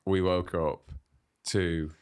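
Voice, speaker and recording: Young guy on a podcast, lowish voice, tells it animated, does little voices for people, keeps restarting. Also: slow pace, clear, resonant tone. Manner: animated storyteller, acts out quoted voices, many restarts. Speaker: podcast co-host. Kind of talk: casual chat, storytelling.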